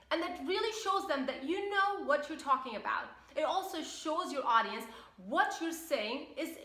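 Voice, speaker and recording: A woman's voice: high voice, bright, forceful tone. Upbeat speaking coach, female, teaching with emphasis; echoey room. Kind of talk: online course lesson.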